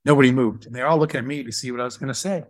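A middle-aged man, an entrepreneur guest, telling a story in a lively way and acting out the quoted dialogue. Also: mid-range voice, very fast, dry recording. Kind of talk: storytelling in a live Q&A.

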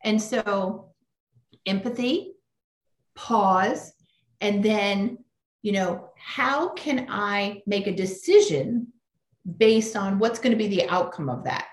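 A woman hosting a podcast interview, talking in a pragmatic, brisk and direct way. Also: medium pitch, roomy sound. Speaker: podcast host.

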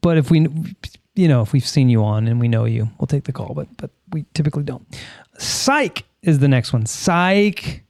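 A man's voice: medium pitch, expressive, moderate pace, vocal fry, darkish tone, dry recording, clean studio sound. A man co-hosting a casual podcast, joking and reading out listener comments. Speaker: podcast co-host.

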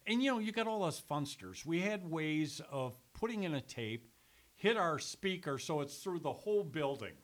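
An older man, a former sales executive, telling animated stories in a casual chat and laughing as he goes. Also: fairly high pitch, normal speed.

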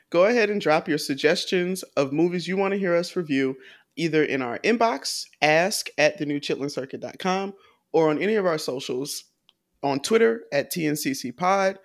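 A woman co-hosting a podcast, retelling a film plot in a laid-back, colloquial way with frequent laughs. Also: low voice. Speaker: podcast co-host. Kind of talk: casual podcast chat.

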